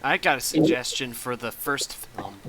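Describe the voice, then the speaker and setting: A man's voice: medium pitch, moderate pace, a little hiss or hum, poor audio. A man hosting a casual stream, chatting and teasing friends on voice chat. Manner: relaxed, joking and teasing. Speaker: streamer host.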